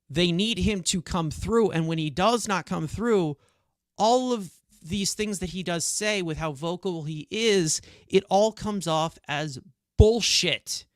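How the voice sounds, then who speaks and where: A podcast co-host from New York airs his sports frustrations in a heated, swearing rant. He talks slowly in a high, slightly bright voice, and the studio-quality audio has no room sound.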